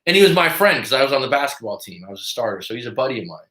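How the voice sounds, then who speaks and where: A man's voice: mid-range voice, rapid-fire. Guy coach on a live stream telling a story, lots of swearing, acts out the quotes, echoey room. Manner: profane, animated storyteller who acts out quotes.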